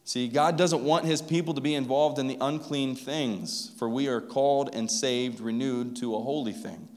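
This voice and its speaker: A male pastor preaches in a relaxed, conversational way, throwing in friendly asides to the congregation. His voice sits at an ordinary middle pitch and carries a long reverb from the church hall around him. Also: moderate pace. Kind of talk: sermon. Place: church sanctuary.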